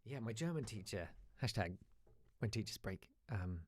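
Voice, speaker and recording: A British man hosting a casual live podcast, telling animated stories and reading listener emails. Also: lowish voice, moderate pace. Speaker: host.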